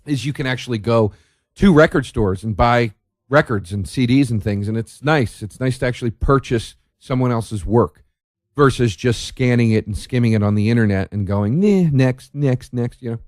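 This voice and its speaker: A man hosts a solo comedy podcast, rambling in a sardonic, profane way and restarting his sentences. His voice sits at an ordinary middle pitch, and the recording is dry with no room sound. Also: brisk, a little mellow, no room sound. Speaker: podcast host. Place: indoor room by a window.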